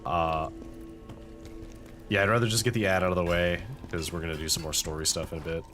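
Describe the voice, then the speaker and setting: A man with a deep, low voice talks through a video game playthrough in a relaxed, casual way. He thinks aloud over his options and drops dry, wry asides. Faint game music plays behind him. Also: a little fast. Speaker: let's-play host. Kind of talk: casual gameplay commentary.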